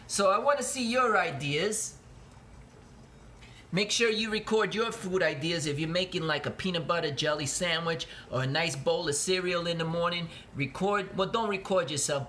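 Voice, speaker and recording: A man with a notably high voice teaches cooking to his students from his home kitchen, speaking to a handheld camera. He is playful and talkative, joking with the kids as he works, with a faint hum of noise behind him. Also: bright, forceful tone. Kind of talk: casual cooking demonstration for students. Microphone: camera held by a cameraman.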